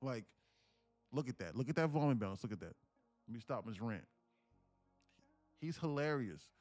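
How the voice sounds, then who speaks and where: Rambling, animated man on a livestream. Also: medium pitch, moderate pace, no echo, faint music behind. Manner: rambling, repetitive, laughs while telling stories. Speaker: livestream trading host. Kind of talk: casual livestream chat.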